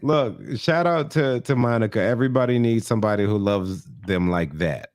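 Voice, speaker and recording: A man's voice: lowish voice, moderate pace, a little mellow, no room sound, studio quality. A man co-hosting a podcast in casual chat, laid-back and slangy, adding comments to his partner's story. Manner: laid-back, slangy, chimes in with comments and little acted lines. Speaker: podcast co-host.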